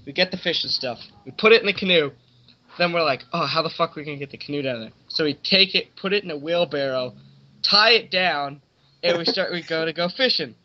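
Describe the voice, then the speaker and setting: A man's voice: on the high side, a little fast, bright, forceful tone, lo-fi sound. A young man on a podcast, telling a loose, rambling story in casual chat with plenty of swearing. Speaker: podcast co-host.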